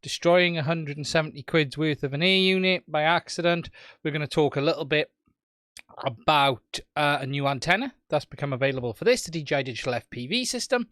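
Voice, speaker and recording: A man's voice: on the high side, brisk, fairly bright tone, dry recording, clean studio sound. A man with a Welsh accent hosting a casual weekly live stream, standing and chatting with viewers by name. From Wales.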